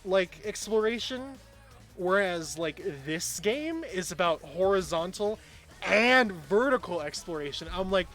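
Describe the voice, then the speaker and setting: A man's voice: sits high, animated, measured pace, fairly bright tone, faint music behind. Chatty man streaming, rambling on. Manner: chatty, rambling, self-deprecating. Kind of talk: casual chat while gaming.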